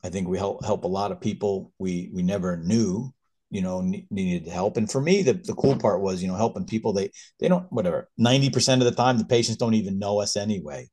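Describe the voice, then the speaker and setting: Man, fifties, physician guest, animated, earnest storyteller, slightly low voice. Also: a little fast. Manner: animated, earnest, gets emotional. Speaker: critical care physician, guest. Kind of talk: conversational storytelling.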